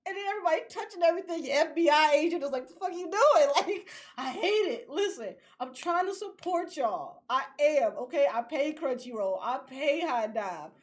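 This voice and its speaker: Brief: young woman, high voice, animated profane rants, podcast co-host. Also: moderate pace, hardly any pauses. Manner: animated, ranting, laughs often, profane. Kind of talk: casual podcast chat.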